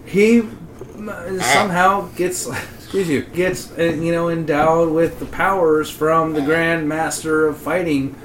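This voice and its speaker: A man's voice: on the high side, steady tone, slow pace, echoey room, rough recording. Profane, rambling male podcast host. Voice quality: profane, mock-ranting bursts. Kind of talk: casual podcast chat.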